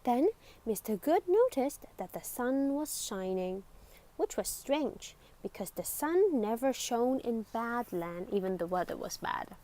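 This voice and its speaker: A woman reading a children's picture book aloud in an expressive way, with dramatic whispers and exclamations. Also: fairly high pitch, a little slow, rough recording. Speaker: storybook reader.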